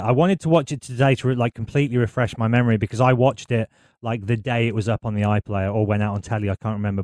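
A man's voice: lowish voice, a little mellow, no echo, clean studio sound. A man hosting a casual interview, admiring and rambling with many fillers. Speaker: host.

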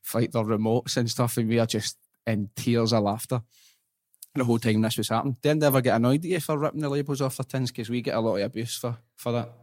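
Lively young Scottish podcast host. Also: male voice, mid-range voice. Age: young adult. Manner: lively, laughing, quick and animated storyteller. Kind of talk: casual chat, storytelling.

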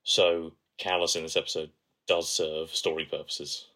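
A man's voice: a bass voice, flat delivery, moderate pace, bright, forceful tone. A young man co-hosting a podcast, sharing analysis and trivia in casual chat. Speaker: podcast co-host.

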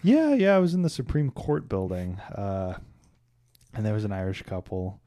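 A man's voice: fairly low pitch, big pitch swings, moderate pace, mellow, dry recording. A man from Kansas City co-hosting a podcast, telling rambling stories in a wry, irreverent way. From Kansas City, USA. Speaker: podcast co-host. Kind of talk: casual podcast chat.

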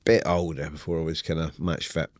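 Deep-voiced Scottish man, dry and wry. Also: little pitch movement, a little fast, dry recording. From Scotland. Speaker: guest novelist. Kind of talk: relaxed interview answers.

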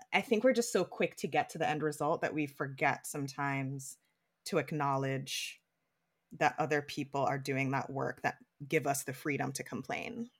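A woman with a notably low voice reflects on a book in casual conversation. She speaks earnestly, pausing to gather her thoughts. Her words come loose and heartfelt. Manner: reflective, earnest, uses fillers like "like". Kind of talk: casual chat.

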